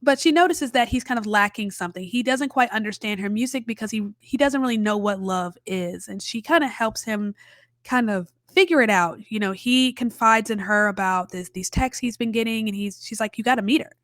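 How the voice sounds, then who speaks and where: A woman's voice: mid-range voice, moderate pace, a bit bright, dry recording, studio quality. A woman giving a casual spoken film review, chatty with many fillers and wry, exaggerated exasperation. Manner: chatty, frequent "you know" fillers.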